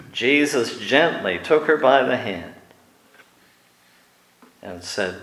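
Guy preaching a sermon real slow and deliberate, mid pitch, echoey. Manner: slow, deliberate, animated when dramatizing.

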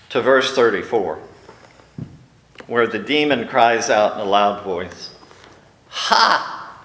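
A man's voice: on the low side, a bit bright, reverberant. A male pastor preaching a sermon, telling stories and acting out the quoted lines. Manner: storytelling, acts out quotes with raised voice. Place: church sanctuary.

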